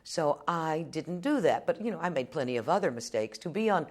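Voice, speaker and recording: A woman in her fifties from Texas talks in a low, deep voice. She answers questions as a veteran television journalist. She is plainspoken and wry, turning her points into short stories. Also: a little fast. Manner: wry storyteller, plainspoken and lively. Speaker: television journalist, interview guest. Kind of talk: casual interview answers.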